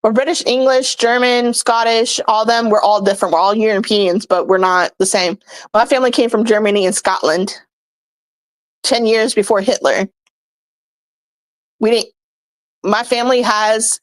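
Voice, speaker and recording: A woman's voice: medium pitch, dry recording, low-quality recording. A young American woman, a vlogger ranting bluntly and scolding her commenters, swearing freely. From United States.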